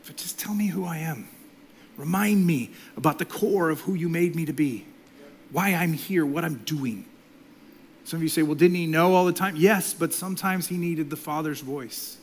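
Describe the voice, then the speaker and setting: A middle-aged male pastor preaching a sermon, swinging between loud emphasis and soft, near-whispered passages. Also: on the high side, moderate pace, slight background noise.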